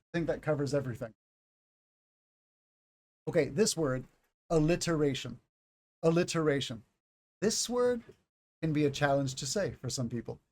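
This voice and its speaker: A man's voice: fairly high pitch, darkish tone. Slightly congested man teaching English. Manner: explains slowly, demonstrates sounds, jokes and laughs. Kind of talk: live-streamed English lesson.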